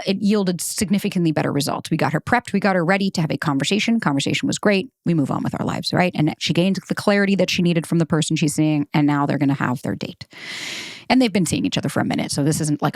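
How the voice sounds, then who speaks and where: Woman host, 30s, candid and profane, low-pitched, dry close mic. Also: fast, no room sound. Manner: candid, swears freely, animated bursts. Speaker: dating coach and podcast host. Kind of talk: casual monologue to listeners.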